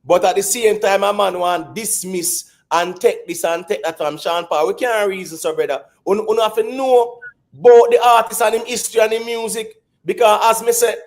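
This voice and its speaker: A man with a Jamaican accent hosting a heated panel debate, insistent and quick to cut in with repeated calls to hold on. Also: high voice, steady tone, creaky.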